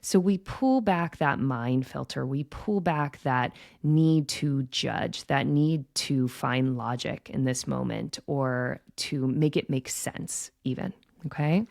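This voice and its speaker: A woman speaks in a low, gravelly voice with a mellow, relaxed tone. She hosts her own podcast and explains ideas in a slow, gentle, reflective way, often pausing to ask "right?". The recording is dry and close, with no room sound. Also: no room sound. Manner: gentle, reflective, frequent "right?" check-ins. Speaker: podcast host and intuition coach. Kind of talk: calm teaching monologue.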